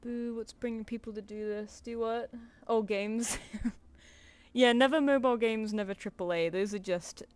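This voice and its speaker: A woman's voice: fairly high pitch, steady tone, normal speed, clear, resonant tone. A young woman chatting casually on her drawing stream, laughing often and swearing lightly. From United Kingdom.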